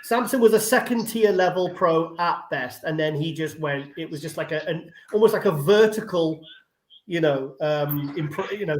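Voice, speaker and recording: A high-pitched man talks at a rapid clip, animated and quick to joke as he chats casually on a live stream. His voice rings in an echoey room with a faint hiss of noise behind it. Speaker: co-host of a bodybuilding watch party. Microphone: remote call setup.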